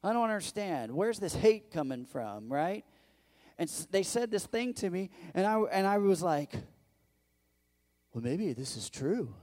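A male pastor preaching a conversational sermon, asking the congregation questions and acting out quoted voices, moving between loud bursts and quiet low asides. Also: expressive, normal speed.

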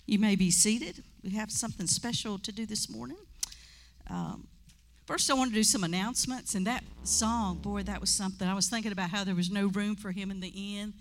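A woman's voice: medium pitch, fairly quick, a little hiss or hum. A woman leading church announcements in a chatty, joking way, laughing often, in a church sanctuary. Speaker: church leader.

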